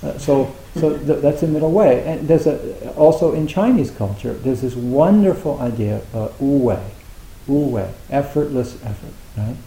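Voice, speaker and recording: A man's voice: mid-range voice, moderate pace, dark tone. A man giving an informal Zen talk to retreat students, rambling with many fillers and restarts. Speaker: Zen teacher. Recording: echoey room.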